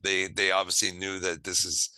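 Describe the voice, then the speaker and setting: Low, forceful man telling stories. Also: moderate pace, clear, resonant tone, dry recording, low-quality recording. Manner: lively, acts out quoted dialogue; self-described quirky. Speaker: podcast host. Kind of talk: casual storytelling.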